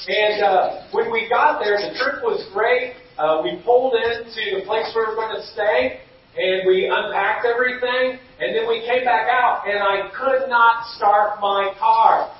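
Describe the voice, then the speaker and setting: A middle-aged man preaching a sermon as pastor, telling stories and acting out quotes. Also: high voice. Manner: storytelling with acted-out quotes, rising to shouts. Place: church sanctuary. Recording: dull, echoey hall from far off.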